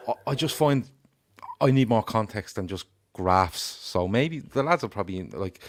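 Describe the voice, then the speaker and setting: A man co-hosting a casual football podcast, animated and self-mocking, often repeating his words. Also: deep voice, a little slow, no echo, studio quality. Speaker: podcast co-host.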